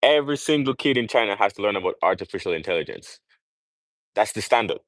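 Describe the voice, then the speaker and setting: A young Jamaican livestream host gives a casual, emphatic monologue that sounds like preaching, full of rhetorical questions. His low-leaning voice is expressive and fairly bright, moving at a quick pace. The sound is dry and close, with no room echo.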